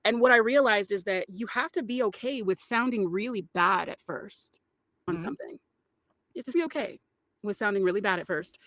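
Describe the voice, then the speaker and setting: A chatty woman talking as a podcast guest in a dry, close recording with hardly any room sound. She rambles a little, laughs often, and restarts sentences as she goes. Her pitch sits in an ordinary middle range. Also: a little fast, a bit bright, dry recording. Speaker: voice actor guest. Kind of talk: casual podcast interview chat.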